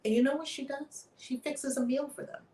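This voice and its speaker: A woman's voice: high-pitched, a little fast, a little hiss or hum. Woman storyteller in an echoey room. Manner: lively retelling with voiced quotes. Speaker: guest author and minister. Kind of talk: animated storytelling in a chat.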